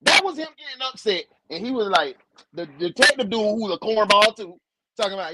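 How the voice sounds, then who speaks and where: A man giving loud, slangy, excitable reaction commentary, swearing freely. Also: high-pitched, brisk, very noisy. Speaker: reaction host.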